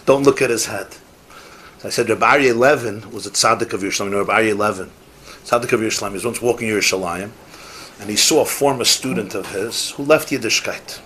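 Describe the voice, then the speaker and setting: A man's voice: lowish voice, fast talker, a bit bright, slight background noise. A rabbi giving a Torah class, emphatic and repeating his key phrases, with Yiddish and Hebrew words mixed in.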